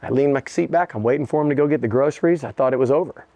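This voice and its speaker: A man in his fifties from the United States, a rapper guest telling a story in an interview, profane and animated, acting out quotes and laughing often. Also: mid-range voice, rapid-fire, no echo.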